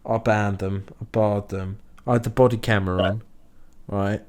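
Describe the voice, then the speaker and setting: A man's voice: on the low side, moderate pace. Sweary young man telling stories. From Liverpool area, England. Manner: sweary, animated anecdote-telling with acted quotes. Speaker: podcast host. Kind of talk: casual chat, storytelling.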